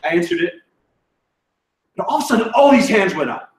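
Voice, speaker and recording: A man's voice: high voice, very animated, fairly quick, long pauses. A man giving a sermon as guest speaker, telling stories with self-deprecating humor and laughing at himself. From Canada. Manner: self-deprecating, laughs at his own story. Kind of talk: sermon storytelling. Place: church auditorium. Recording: echoey hall, distant mic.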